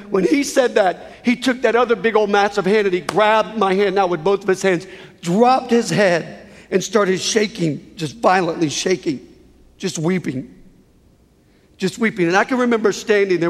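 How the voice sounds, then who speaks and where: High-voiced preacher in a big hall. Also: male voice, normal speed. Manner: emotional, swells from hushed to near-shouting. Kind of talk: sermon storytelling. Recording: long hall reverb.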